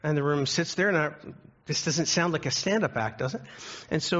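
The pastor's voice is fairly high and a bit bright, moving at normal speed. He tells stories and asks the congregation earnest rhetorical questions, and the recording sounds dull and lo-fi.

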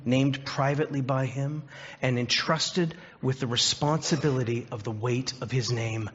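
Male pastor, mid-pitched husky voice, earnest sermon delivery, slightly muffled lo-fi recording. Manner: earnest preaching, slowing on key phrases.

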